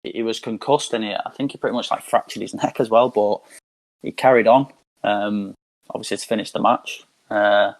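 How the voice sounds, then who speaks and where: Low-voiced man rambling casually. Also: fairly even intonation, a little fast. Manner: rambling, heavy use of "like". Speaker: podcast guest. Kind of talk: casual chat.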